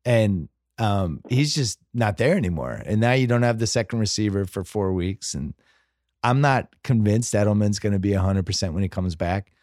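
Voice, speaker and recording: A man with a fairly low, expressive, slightly mellow voice at normal speed hosts a podcast, recorded in the studio with no echo. He chats casually about football in a wry, rambling way, interrupting himself and restarting sentences.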